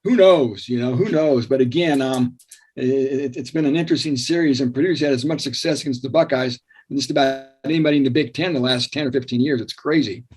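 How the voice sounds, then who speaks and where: A man's voice: medium pitch, steady tone, fast talker, breathy edge. A man on a sports talk panel, rattling off stats and recent history with enthusiasm. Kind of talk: sports talk show discussion.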